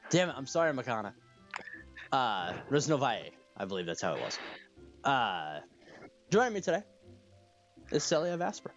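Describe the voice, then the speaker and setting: A man's voice: mid-range voice, dull audio. A man hosting a podcast in casual chat, with a slight lisp, laughing often and restarting his sentences. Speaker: podcast host.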